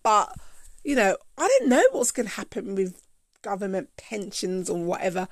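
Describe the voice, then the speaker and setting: A woman hosting her own podcast, talking animatedly to her listeners and slipping between accents when she gets excited. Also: medium pitch, normal speed, no echo, clean studio sound. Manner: animated, calls listeners baby and honey. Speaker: podcast host. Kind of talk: solo podcast talk.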